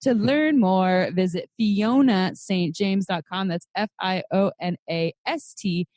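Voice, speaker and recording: A woman's voice: medium pitch, unhurried, darkish tone, no echo. Upbeat woman host in a dry room. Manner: upbeat, friendly introductions. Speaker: podcast host. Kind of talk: podcast hosting, reading a guest bio.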